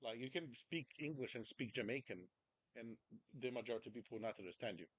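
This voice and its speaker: A man's voice: medium pitch, expressive, quick pace, slightly rough, no room sound. A man giving a video-call coaching session, talking casually and often checking in with his student. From United States. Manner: chatty, keeps checking in with "right?" and "understand?". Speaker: communication coach.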